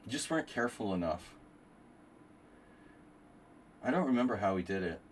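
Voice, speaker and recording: A man's voice: lowish voice, expressive, moderate pace, a little hiss or hum. A man hosting a live chess stream, thinking aloud through move lines with rambling asides. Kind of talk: live-stream commentary while playing.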